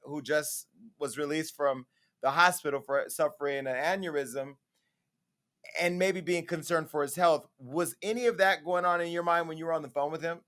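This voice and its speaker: A man hosting an interview, asking questions and giving his own measured view. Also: fairly high pitch, fairly even intonation, fairly bright tone. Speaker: host and interviewer.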